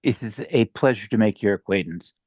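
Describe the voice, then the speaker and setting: A man speaking in character as a tabletop player, formal and measured. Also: fairly low pitch, a little mellow, no room sound. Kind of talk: in-character speech in a tabletop game. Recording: dull, dry lo-fi mic.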